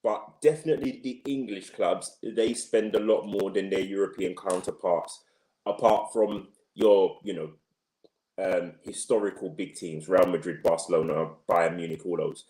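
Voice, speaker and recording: A man's voice: deep voice, steady tone, moderate pace, warm tone, reverberant, poor audio. A man co-hosting a casual football discussion livestream. He is chatty, laughs easily and chimes in with short agreements. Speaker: co-host of a football discussion show. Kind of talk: casual sports chat on a livestream.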